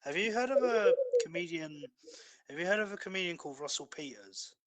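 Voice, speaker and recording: Hesitant man with a lively voice. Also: high voice, fairly quick. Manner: hesitant, lots of ums, trails off quietly. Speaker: podcast co-host. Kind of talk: casual chat.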